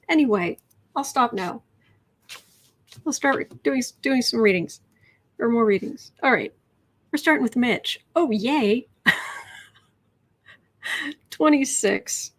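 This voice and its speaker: A woman doing a casual tarot reading on a livestream, chatty and rambling, sometimes dropping into whispered asides. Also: a little high. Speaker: tarot reader.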